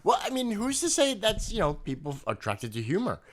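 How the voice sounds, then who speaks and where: A man's voice: high voice, huge pitch swings, a little fast. A man co-hosting a podcast in casual chat, joking along and quoting other people. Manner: chatty, laughs along, quotes others. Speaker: podcast co-host.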